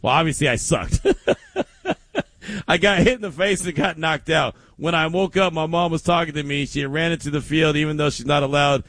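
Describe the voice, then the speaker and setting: A middle-aged man hosting a sports radio show, chatting casually and telling stories in an animated way. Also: on the high side, normal speed, no room sound. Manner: animated storytelling with laughs.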